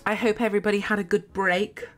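Faint music plays behind a young woman streaming a game in her bedroom, her medium-pitched voice fast and fairly even in intonation. She keeps up casual, giggly chatter, often talking to herself as she plays.

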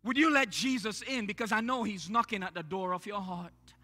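Man, pastor, church sermon, very high pitch, bright and sharp tone, earnest, halting "uh" fillers. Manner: earnest preaching, frequent "uh" between phrases. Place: church sanctuary during service.

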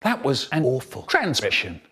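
A man telling comic anecdotes from childhood in an animated way, acting out the voices of people in his stories. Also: moderate pace, husky. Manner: animated, leaps in pitch, acts out voices.

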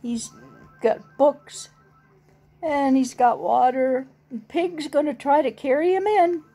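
A woman reading a picture book aloud to a small child, stopping for gentle chatty asides. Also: sits high, steady tone, a little slow, faint music behind.

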